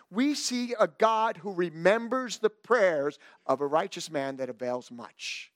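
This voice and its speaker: A man's voice: high-pitched, no room sound, studio quality. A male pastor preaching a sermon, reading scripture and adding playful asides. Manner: animated, playful asides, reads scripture aloud.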